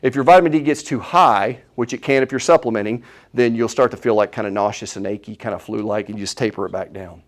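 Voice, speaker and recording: A man giving a live health seminar, opinionated and animated, asking the audience questions as he goes. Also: on the low side, fast talker. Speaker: chiropractor giving a health talk.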